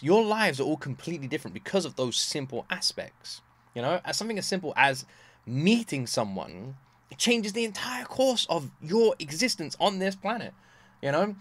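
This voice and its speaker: A man in his thirties giving casual reaction commentary, gushing and effusive, often repeating himself and swearing casually, with bursts of loud excitement. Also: mid-range voice. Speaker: music reaction YouTuber.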